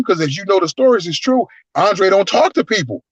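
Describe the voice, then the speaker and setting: A man, a guest wrestler, telling stories in an animated, profane way and acting out the voices. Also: sits high, quick pace, hardly any pauses, slightly rough, no echo. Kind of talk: casual storytelling. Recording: dull lo-fi, dry sound.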